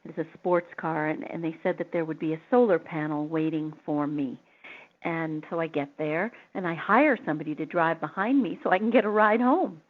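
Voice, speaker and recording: A woman's voice: low voice, moderate pace. A woman hosting an advice talk show, chatty and telling personal anecdotes. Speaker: radio show host. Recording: tinny phone-like line.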